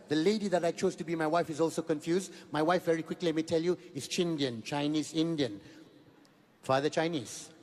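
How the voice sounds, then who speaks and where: A Malaysian man in his fifties with a Malaysian English accent, telling a stand-up comedy story, mixing in Malay words and repeating phrases for effect. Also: fairly high pitch. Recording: long hall reverb.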